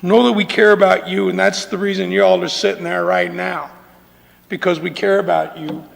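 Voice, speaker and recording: A man's voice: high voice, flat delivery, moderate pace, vocal fry. A man, giving an emotional public comment at a council meeting, folksy and repeating himself. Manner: emotional, folksy, repeats phrases, says y'all. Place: council chamber. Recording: long hall reverb.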